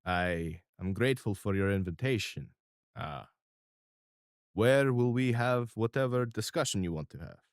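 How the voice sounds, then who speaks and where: A man voicing a stiff, formal, middle-aged boss who is wary of change and speaks in a measured way. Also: lowish voice, expressive, dry recording, clean studio sound.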